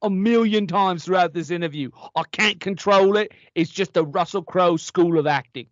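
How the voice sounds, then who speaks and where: A man playing a rambling, self-absorbed male movie star with a Cockney accent, talking with oblivious deadpan boasting. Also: high-pitched, normal speed, no echo, dull audio, natural voice.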